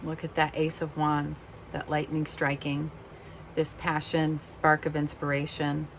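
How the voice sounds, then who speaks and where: A woman's voice: sits low, monotone, a little slow, slight background noise. A woman giving a casual, heartfelt tarot reading, openly emotional as she talks. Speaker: tarot reader.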